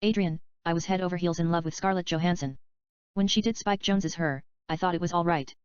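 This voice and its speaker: A woman's voice: lowish voice, fairly even intonation, fairly quick, clean tone, no room sound, natural voice. Adrian, a woman reading the lines of a rambling male screenwriter. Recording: dull, slightly lo-fi dry recording.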